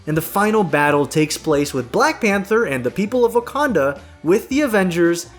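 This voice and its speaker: A sarcastic man hosts a casual film recap, joking and swearing freely. His voice sits a little high and bounces around in pitch. Soft music plays underneath. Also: animated, moderate pace. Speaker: video essay host.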